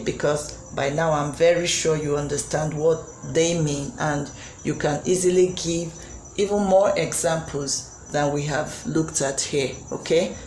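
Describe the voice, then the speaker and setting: A woman teaching a patient phonics lesson to young children, repeating each word slowly. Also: low-pitched, darkish tone, roomy sound, slight background noise.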